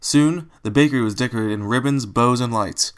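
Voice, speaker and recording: Guy reading a pony story out loud, calm, trips over words a bit. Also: mid-range voice, brisk, clean tone. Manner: plain calm reading with small slips. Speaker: narrator reading fan fiction.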